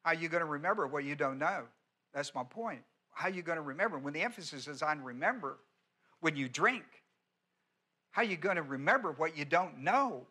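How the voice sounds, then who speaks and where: A man preaching a teaching sermon, his voice bright and ringing and set a little higher than most men's. He presses each point by repeating it and keeps asking the congregation questions. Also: lively intonation, fairly quick, husky. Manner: emphatic teaching, repeats key words, asks the congregation questions. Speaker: pastor. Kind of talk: expository sermon.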